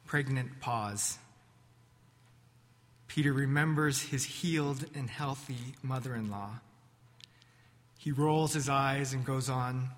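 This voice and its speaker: A man preaching, retelling a scripture story vividly as he guides listeners through a reflection. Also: medium pitch. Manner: vivid, animated narration with slow pauses. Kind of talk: dramatic sermon storytelling. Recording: echoey hall reverb.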